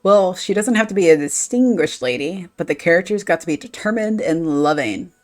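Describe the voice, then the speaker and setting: A woman's voice: lowish voice, animated, fairly quick, a little mellow, natural voice. A woman voicing a demanding little village girl, reading game dialogue aloud.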